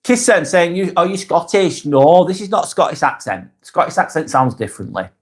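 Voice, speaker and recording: A man's voice: on the high side, big pitch swings, fairly quick. A man with a Lancashire accent hosting a casual live stream. He reads viewers' comments aloud and answers each one by name in a plain, direct way. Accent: Lancashire, Northwest England. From Northwest England.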